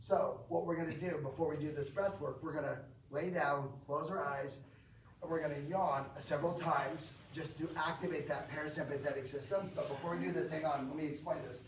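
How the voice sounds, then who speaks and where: A man's voice: a little high, fairly even intonation, a little fast, slight background noise. A man instructing a group in breathwork, explaining and asking the group questions. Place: gym or team room. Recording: echoey room, from far off.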